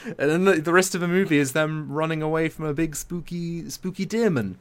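A man's voice: a little high, fairly quick, clear, resonant tone. Young man telling a horror story animatedly. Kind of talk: casual chat.

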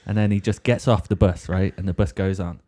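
A man's voice: low-pitched, fairly even intonation, a little fast, dark tone. A young man hosting a podcast, telling a rambling comic anecdote in casual talk and swearing freely. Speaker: podcast host.

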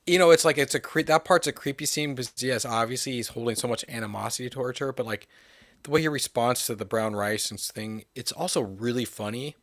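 A man in a casual film discussion, relaxed and agreeable with some casual swearing. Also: mid-range voice, a little fast, dry recording.

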